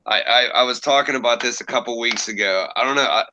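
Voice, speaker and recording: This is a young streamer and creepypasta narrator talking fast in a medium-pitched, bright, forceful voice during casual livestream chat from his home room. He rambles profanely and often laughs at himself. The audio is poor, with a little hiss or hum.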